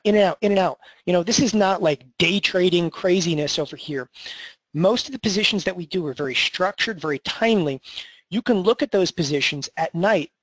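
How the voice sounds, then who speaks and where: A man hosting an online trading webinar, pitching a program and answering questions in an energetic sales manner, often tagging his points with "okay?". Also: no room sound, poor audio.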